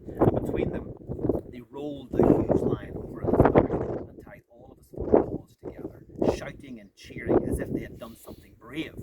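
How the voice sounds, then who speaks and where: A man with a gravelly voice giving a dramatic live storybook reading outdoors in the countryside. His pitch swings widely, and he is heard from a distance over loud outdoor noise. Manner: dramatic, with joking asides to listeners. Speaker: storyteller and tour guide.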